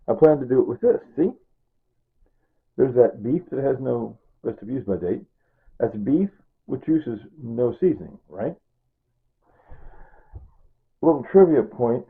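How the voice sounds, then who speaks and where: A middle-aged man from Kansas rambles cheerfully through a home cooking vlog, checking in with "right?" and "see?" after his asides. His voice is husky and sits at an ordinary pitch. The sound is thin and tinny, as if heard through a phone. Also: lively intonation, a little slow, long pauses. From Kansas, USA. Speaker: vlogger.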